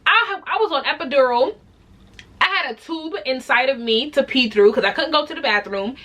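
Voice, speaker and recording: A young woman telling a story in a casual vlog, animated and candid, swearing freely and acting out other people's voices. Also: sits high, normal speed. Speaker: vlogger.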